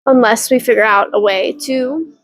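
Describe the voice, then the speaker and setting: A woman's voice: a little high, normal speed, no echo, poor audio. Chatty woman vlogging about books. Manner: chatty and rambling, with frequent laughs and swearing. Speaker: book vlogger. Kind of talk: casual reading vlog update.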